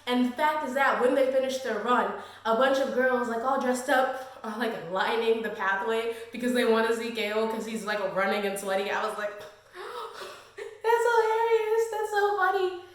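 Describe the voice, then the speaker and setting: High-pitched woman fangirling over a book, slangy vlog chat, super echoey room. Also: fairly even intonation, a little fast, hardly any pauses. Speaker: book reviewer. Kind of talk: casual book review vlog.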